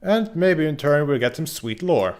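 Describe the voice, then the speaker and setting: A man's voice: fairly high pitch, sing-song, normal speed. A young man casually commenting on his gameplay, rambling and joking, with frequent restarts. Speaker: game streamer.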